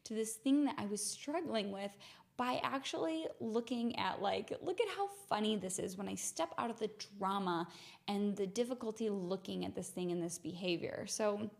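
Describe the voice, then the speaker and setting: A woman's voice: mid-range voice, lively intonation, normal speed, vocal fry. A woman hosting a mindfulness podcast, animatedly telling a personal story and acting out her own inner voice.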